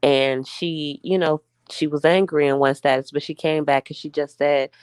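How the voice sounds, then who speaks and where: A woman's voice: deep voice, fairly even intonation, normal speed, a little mellow, clean tone, no echo, studio quality. A young woman venting to her viewers in a casual, emphatic heart-to-heart, addressing them as y'all. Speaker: vlogger.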